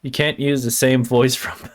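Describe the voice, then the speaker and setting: Excitable gamer, swearing. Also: male voice, a little high, vocal fry. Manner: excitable, swears, stammers and restarts, hums to himself. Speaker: streamer. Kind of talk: casual let's-play commentary. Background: faint game music.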